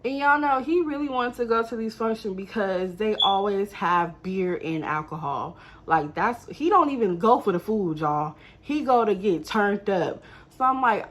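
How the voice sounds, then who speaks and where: A young woman telling a story to her viewers in a casual, animated, exasperated way. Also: mid-range voice, moderate pace.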